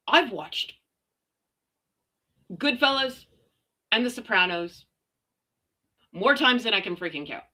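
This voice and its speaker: A woman's voice: medium pitch, sharp tone, rough recording. A woman hosting a chatty livestream, reading viewer comments in a sarcastic, emphatic way. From United States. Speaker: host.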